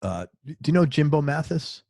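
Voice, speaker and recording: A man's voice: fairly high pitch, big pitch swings, moderate pace, creaky, darkish tone, dry recording. Dry-sounding man hosting an interview. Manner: enthusiastic, affirming listener. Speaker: interview host. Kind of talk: casual interview chat.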